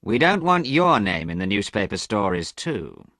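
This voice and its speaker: A man voicing a worldly, smooth-talking gentleman friend in an audiobook reading, with a coaxing, urgent manner. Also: on the low side, very animated, normal speed, dry recording, studio quality.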